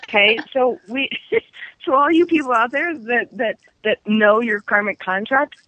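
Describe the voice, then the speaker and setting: A woman's voice: a little high, measured pace, pushed and bright, dry recording. A woman in her fifties, a psychic guest on a radio chat, telling stories animatedly and laughing often, heard through dull lo-fi radio sound. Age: 50s.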